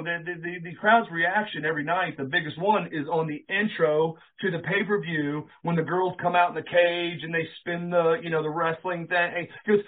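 Animated male storyteller on a tinny line. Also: on the high side, normal speed, hardly any pauses. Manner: animated storyteller, acts out quoted dialogue, swears casually. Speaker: interview guest, former pro wrestler. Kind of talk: casual storytelling interview.

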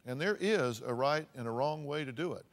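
A man's voice: mid-range voice, lively intonation, brisk. Earnest male talk show host. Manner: earnest, repeats words when starting.

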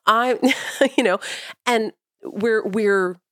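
A woman's voice: on the high side, extremely slow, a bit bright, dry recording, clean studio sound. A woman co-hosting a parenting podcast, earnestly explaining her views in casual chat. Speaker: podcast co-host.

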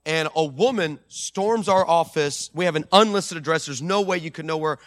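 High, bright-voiced preaching pastor. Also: male voice, moderate pace. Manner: animated preaching, swings from loud declarations to hushed storytelling; acts out quoted voices in story. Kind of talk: sermon. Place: church service.

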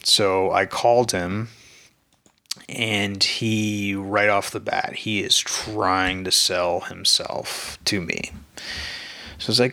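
A man's voice: fairly low pitch, animated, slow pace, creaky, bright, forceful tone. A man, an independent filmmaker, telling a rambling, candid story in a casual monologue, with lots of fillers and some swearing.

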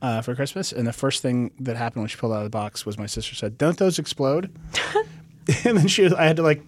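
A man hosting a casual tech podcast, joking and quick, laughing often. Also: mid-range voice. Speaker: podcast host.

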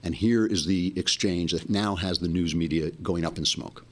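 A man with a fairly low voice hosts his own commentary show. He talks in a loose, musing way, working through his thoughts as he goes. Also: normal speed. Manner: musing, talks while thinking aloud. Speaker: podcast host. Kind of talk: casual commentary and read ad.

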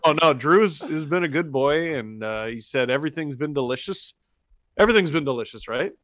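A man chats on a podcast with a bright, forward voice. His recording is very dry and close. He tells stories with animated, quick energy. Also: on the high side, no room sound. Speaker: podcast host. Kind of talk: casual podcast chat. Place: remote from abroad, on a delay.

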